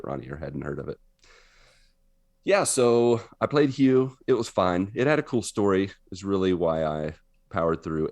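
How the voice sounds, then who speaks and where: A man co-hosting a podcast in casual chat, an animated storyteller who laughs often and slips into silly voices. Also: a bass voice, vocal fry, dry recording. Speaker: podcast co-host.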